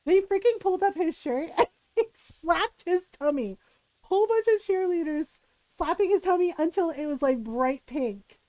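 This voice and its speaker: A woman streamer casually telling a story to her live chat, animated and laughing often, checking in with "right?". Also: extremely high pitch, normal speed, dry recording, rough recording.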